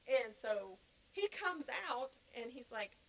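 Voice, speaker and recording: An older woman telling a personal story in a podcast interview, animated and laughing often. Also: on the high side, takes it slowly, rough recording. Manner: animated, laughing, acting out quoted reactions. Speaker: guest.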